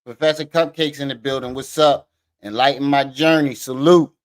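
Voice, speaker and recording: With a medium-pitched, steady voice at a moderate pace and no room sound, this man runs a relaxed livestream from his living room. He swears freely, talks with viewers, and laughs at himself as he reads their comments.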